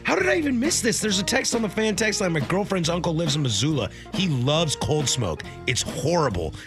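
A man's voice: a little high, big pitch swings, brisk, music in the background. A man co-hosting sports radio, playful and upbeat in casual studio banter.

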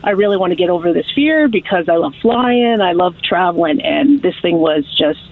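A woman calling in to a radio show and telling a story in a chatty, lively way, acting out what people said. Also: fairly low pitch, moderate pace, dry recording. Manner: lively, chatty storyteller who acts out quotes. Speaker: caller. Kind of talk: call-in storytelling. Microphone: telephone. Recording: phone line.

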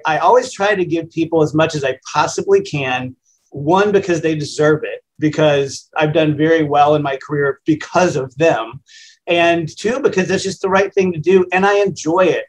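A man's voice: a little high, rough recording. A man in his fifties, a radio host, answering interview questions in a plainspoken, conversational, self-deprecating way. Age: 50s.

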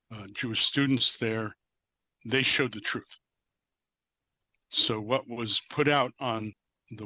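A man, a university professor, recounting his own story in a measured, matter-of-fact way, with a bright, firm tone. The clip is played back on air and sounds dry and close. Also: mid-range voice, no echo.

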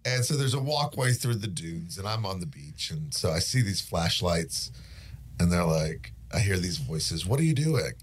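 A man's voice: low-pitched, moderate pace, breathy edge. A middle-aged man co-hosting a podcast, telling a story in a rambling, self-deprecating way with many hesitations. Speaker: podcast co-host. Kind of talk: casual storytelling.

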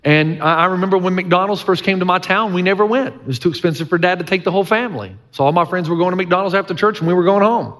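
A middle-aged pastor delivers an earnest sermon in a slightly high voice. His delivery is emphatic and folksy, and he repeats his main points. A long reverb trails each phrase, as it would in a large church hall. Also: fast talker, few pauses, a bit bright. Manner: earnest, emphatic preaching with folksy humor and repetition.

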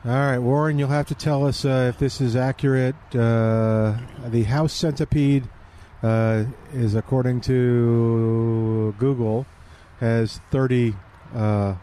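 Brief: male radio host, easygoing talker, mellow dark tone, faint hiss behind. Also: mid-range voice, slow, hardly any pauses. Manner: relaxed, chatty, laughs easily. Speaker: radio gardening show host. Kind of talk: casual radio chat and ad reads.

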